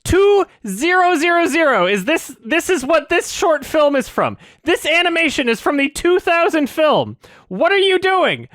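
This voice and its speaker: A woman's voice: sits high, sing-song, a little slow, fairly bright tone, no room sound, clean studio sound. A woman streamer giving angry reaction commentary, ranting, indignant and sarcastic, repeating her questions.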